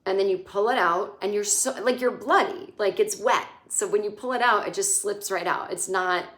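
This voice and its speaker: A woman in her forties, a comedian who hosts a podcast, recaps a TV show casually and sarcastically, swearing and mimicking quotes in shrill voices. She talks at a normal speed with a slightly bright tone. The room sounds echoey.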